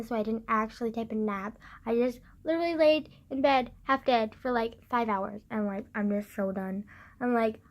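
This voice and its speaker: High-voiced teen girl ranting while sick. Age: teens. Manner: swearing, dramatic retelling. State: congested with phlegm. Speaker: vlogger. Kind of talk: casual rant.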